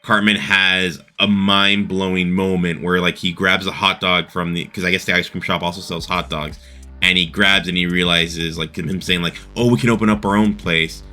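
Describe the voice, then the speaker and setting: A man's voice: sits low, little pitch movement, normal speed, sharp tone, soft background music. A man hosting his own review show, casually recapping a cartoon episode in a rambling way with lots of fillers. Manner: rambling, many fillers, laughs at own retelling.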